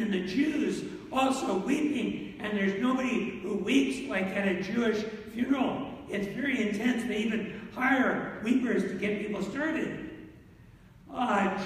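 A male pastor preaching an animated sermon, reading scripture slowly and solemnly in old-fashioned wording. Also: very high-pitched. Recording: echoey hall from far off, faint noise.

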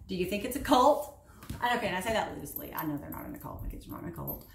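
A woman in her late thirties, a beauty vlogger, chatting casually while doing her makeup at home. She is animated and sarcastic as she vents. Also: on the low side, racing, gravelly, reverberant, a little hiss or hum. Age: 30s. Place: home room.

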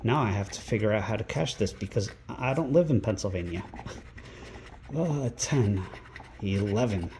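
A man hosting a scratch-ticket vlog indoors at a rental home, calling out numbers one by one and breaking into excited exclamations. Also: lowish voice, normal speed, a little hiss or hum. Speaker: scratch-ticket channel host. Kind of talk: casual vlog narration while scratching tickets.

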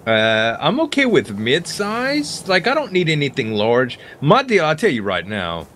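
A man's voice: fairly high pitch, huge pitch swings, a little slow, a bit bright, slight background noise. A man with a Cajun accent from Louisiana, co-hosting and joking in casual gameplay banter. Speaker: co-host gamer.

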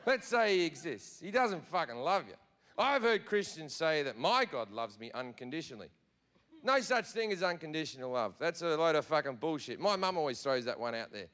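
A man's voice: fairly high pitch, very animated, a little fast, fairly bright tone. A man with an Australian accent doing a profane, brash stand-up routine. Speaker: stand-up comedian.

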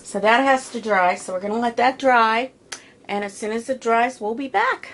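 Working in her home studio, a middle-aged woman from around Pittsburgh teaches painting in a relaxed, talkative way, adding homey remarks along the way. Her voice is fairly high, expressive, and fairly bright, at a moderate pace, with slight background noise.

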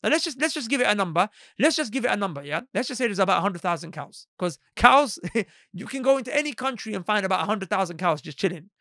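Man, religious lesson, lively swooping pitch, dry close sound, acts out voices. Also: fast talker, no room sound. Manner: animated, acts out quoted voices; asks the listeners rhetorical questions. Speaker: Islamic teacher. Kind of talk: Quran lesson talk.

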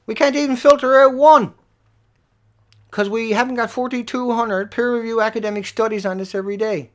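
A livestream host delivering an angry, profane rant at viewers, dropping to low muttering and then rising to yelling. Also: steady tone, fairly quick.

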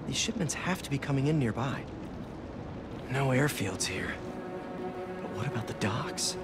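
An actor voicing a wry young game hero. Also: male voice, medium pitch, expressive, over loud music, lightly acted. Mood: determined. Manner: quick, wry, determined. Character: young male hero in a spy disguise. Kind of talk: video game voice acting.

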